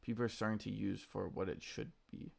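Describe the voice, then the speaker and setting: A tired man talks through his trades in a hushed morning voice. His voice sits a little low with a gravelly rasp. He stays laid-back, answering chat as he goes. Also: fairly even intonation, fairly quick. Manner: quiet, subdued morning voice; laid-back, reads chat names aloud. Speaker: stock trading streamer. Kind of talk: casual live-stream chat.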